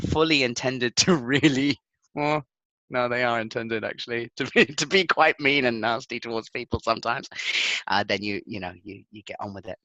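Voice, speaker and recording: A man's voice: medium pitch, bright, forceful tone, dry recording, poor audio. A man co-hosting a casual football chat, laughing often and restarting his sentences. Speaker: co-host.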